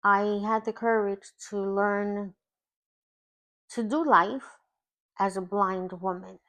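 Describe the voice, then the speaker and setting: A woman life coach telling a personal faith testimony in slow, emotional storytelling with long pauses. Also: medium pitch, fairly even intonation, fairly bright tone.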